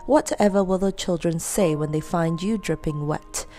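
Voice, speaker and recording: A woman voicing a cheerful male toy who shouts encouragement. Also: fairly low pitch, normal speed, faint music behind, natural voice. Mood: jolly. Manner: shouting, jolly. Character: bossy cheerful toy boy, Tom.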